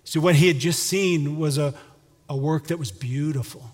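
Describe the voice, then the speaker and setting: A man's voice: fairly high pitch, moderate pace, in a large hall. A male pastor preaching a sermon, telling a story and then leading an earnest prayer.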